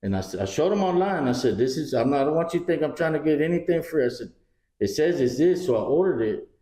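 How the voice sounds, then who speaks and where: A man's voice: a little high, lively intonation, fast talker, dark tone. A man co-hosting a podcast, telling a story casually, acting out the dialogue and swearing freely. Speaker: podcast co-host. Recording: roomy echo.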